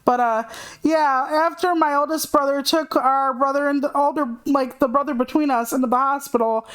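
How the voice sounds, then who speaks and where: A woman's voice: sits high, steady tone, normal speed, a bit bright. A woman streamer in casual livestream chat, rambling and frank, swearing freely as she talks.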